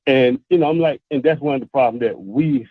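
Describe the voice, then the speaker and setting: A man calling in over the phone, making an earnest point in a halting way with repeated words. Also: mid-range voice, dry recording. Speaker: caller. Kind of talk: call-in sports talk. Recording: dry, tinny phone line.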